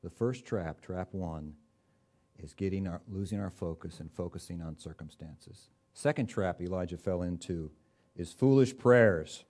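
A man's voice: low-pitched, a little slow, a little mellow. A man preaching a sermon in a conversational, folksy way, with touches of humor and rising bursts of emphasis.

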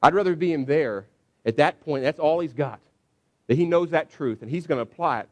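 A middle-aged man preaching a sermon, telling stories in a conversational way and checking in with the congregation with frequent asides. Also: brisk. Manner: acts out quotes with sudden high excited pitch. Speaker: pastor.

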